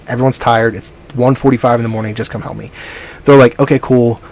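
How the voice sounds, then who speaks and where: In a casual vlog, a man with a mid-range voice rambles his way through a story at a fairly quick clip. He's animated, retelling it with quoted dialogue and playing the people involved.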